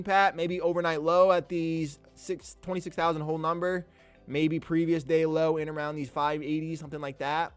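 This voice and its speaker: A man hosting a live trading stream, giving casual, energetic commentary full of slang, occasional swearing and shout-outs to viewers. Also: a little high. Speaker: livestream host and day trader.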